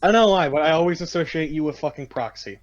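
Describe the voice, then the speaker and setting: A man's voice: on the high side, quick pace, lo-fi sound, slight background noise. An American man co-hosting a casual podcast chat, blunt and profane, with mock outrage. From United States. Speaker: podcast co-host.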